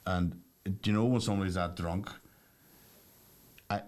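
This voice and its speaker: A man's voice: low-pitched, normal speed. A man in his twenties, a podcast co-host telling stories in casual chat with lots of swearing. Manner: animated storyteller, heavy swearing.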